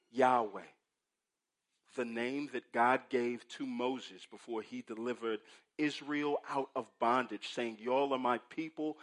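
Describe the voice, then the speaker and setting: A man preaching a sermon, moving from hushed, low passages to loud, emphatic ones, and often checking in with the listeners with "right?". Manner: asks the congregation "right?" often. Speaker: pastor.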